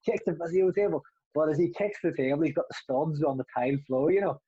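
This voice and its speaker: A man's voice: fairly high pitch, fast talker, slightly rough, no room sound. A man, a young adult and former footballer, telling a rambling story in casual chat with frequent laughs and restarts, in a dull, lo-fi recording. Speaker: former footballer, podcast co-host.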